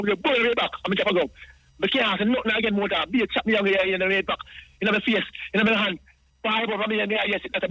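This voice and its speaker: A Jamaican man phones in to a radio show, firing off his account at breakneck speed in a high, bright, sharp voice. Rambling in patois, he keeps circling back to the same points. The recording is rough, dry and close, with no room sound.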